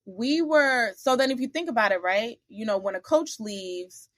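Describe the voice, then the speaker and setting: A woman guest on an interview podcast, telling lively stories about her career, acting out the voices of the people in them, with blunt, salty asides. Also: on the high side, normal speed, no echo. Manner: animated, acts out the other people in her stories. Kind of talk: casual storytelling interview.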